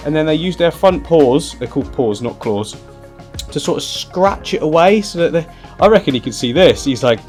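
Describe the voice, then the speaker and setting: A man hosting a casual vlog at home, talking warmly to his pet and putting on little voices for it. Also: a little high, lively intonation, moderate pace, soft background music. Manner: chatty, coos at the pet, puts on little voices for it. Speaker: aquarium channel host. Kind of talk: casual vlog chat to camera.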